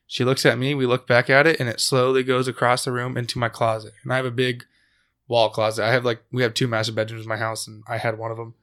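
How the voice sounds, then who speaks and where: A young man hosting a podcast, casually telling a story with plenty of swearing and a lively build to the scary parts. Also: medium pitch, quick pace. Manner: profane, animated when telling the scary parts. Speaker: podcast host.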